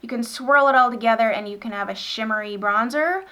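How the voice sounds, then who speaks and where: A woman's voice: fairly high pitch, fairly quick, pushed and bright, clear, resonant tone. A young woman with a northern US accent, chatting casually about beauty products in a gushing, rambling way with many fillers. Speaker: beauty vlogger. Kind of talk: casual chat.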